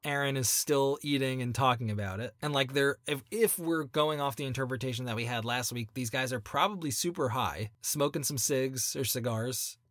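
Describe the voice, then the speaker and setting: A man's voice: medium pitch, moderate pace, hardly any pauses, fairly bright tone. A man co-hosting a casual podcast, joking and laughing easily as he riffs on the reading. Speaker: podcast co-host. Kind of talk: casual chat.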